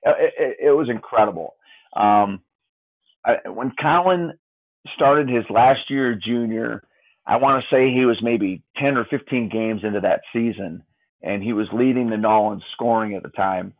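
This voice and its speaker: A middle-aged man tells a family story in an animated, conversational way, stumbling into restarts and acting out other people's lines as he goes. His voice sits at an ordinary pitch for a man. The sound comes through a thin, tinny phone-like line. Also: a little slow. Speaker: parent of a college hockey player.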